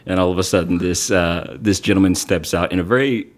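A man narrating as game master in a tabletop game, rambling and halting. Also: low-pitched.

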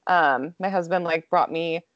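A woman's voice: lowish voice, unhurried, dry recording, dull audio. A young woman telling a personal story in a casual chat, chatty and full of filler words, laughing often.

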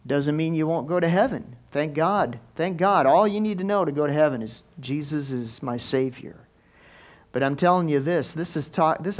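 A male pastor preaching a lively sermon in church, swinging from soft asides to loud exclamations. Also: on the high side. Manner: animated preaching with big swings in loudness.

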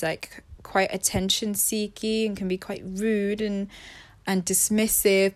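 Woman, mid-pitch, casual self-help talk, chatty with frequent restarts, dips into soft whispers. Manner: chatty, restarts often, drops to near-whispers. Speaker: spiritual self-help speaker. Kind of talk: casual reflective monologue.

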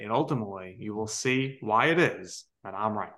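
A man co-hosting a podcast, putting a question to his guest in a relaxed conversational way. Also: fairly low pitch, fairly quick. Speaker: podcast co-host. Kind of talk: casual interview chat.

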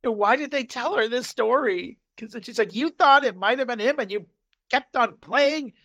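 At a normal speed and in a very high voice, a man co-hosting a podcast casually recaps a TV episode. He acts out its scenes with animation, switching between loud, shifting voices.

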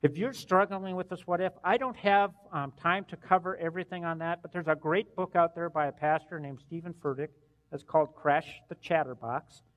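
A man preaching a sermon as pastor, earnest, with sudden loud bursts and hushed endings. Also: on the high side, fairly even intonation, moderate pace, long reverb tail.

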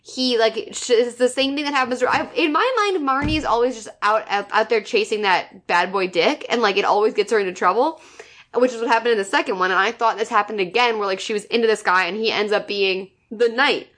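A woman's voice: fairly high pitch, brisk, fairly bright tone. A woman co-hosting a casual podcast who picks the movie apart with blunt, profane commentary. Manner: blunt and profane, riffing critically. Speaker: podcast co-host. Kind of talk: casual movie recap chat.

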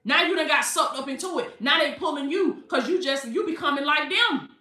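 Animated woman preacher, echoey room. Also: high-pitched, fairly quick, distant mic. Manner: animated, calls listeners baby, laughs often. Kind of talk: sermon. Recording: echoey, from off the mic, faint music.

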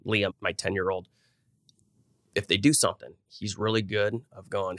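A middle-aged business owner appears as a podcast guest in a casual conversational interview, telling personal stories earnestly but ramblingly, restarting often. His voice is on the low side, fairly flat, slightly bright, and at normal speed. The recording is studio quality with no echo.

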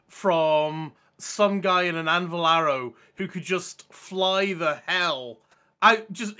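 Bright-voiced man telling gaming stories. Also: a little high. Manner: rambling, enthusiastic storytelling with many restarts. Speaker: podcast co-host. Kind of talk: casual gaming chat.

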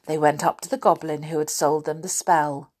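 A woman's voice: deep voice, steady tone, moderate pace, a little mellow, husky. A woman reading a children's story aloud, chatting to young listeners in a sing-song way.

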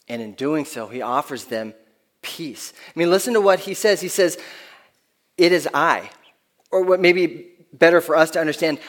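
A man's voice: fairly high pitch, a bit bright. A man preaching a sermon in an earnest, conversational way, often restarting his phrases, who speaks of his own kids. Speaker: pastor.

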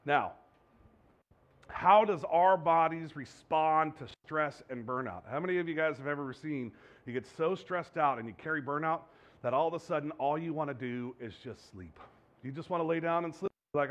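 A man with a fairly high voice preaches a sermon as a pastor, talking to his congregation as if chatting with them. He throws out rhetorical questions, trips over words and laughs off his own slips. The sound is dull and lo-fi, with the top end rolled off. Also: normal speed. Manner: stumbles and restarts, jokes at his own slips.

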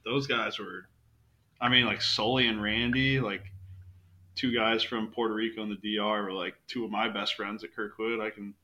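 A man's voice: fairly low pitch, fairly even intonation, moderate pace, bright, forceful tone, highs cut off. A young man guesting on a casual podcast, a rambling storyteller who swears a lot.

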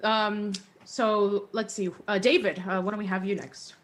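A woman's voice: mid-range voice, level tone, unhurried. A woman with a mid-range voice moderates a group video call. She speaks in a friendly, hesitant way with many fillers. She calls on each guest in turn. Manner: friendly, hesitant, laughs often. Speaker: reunion panel host.

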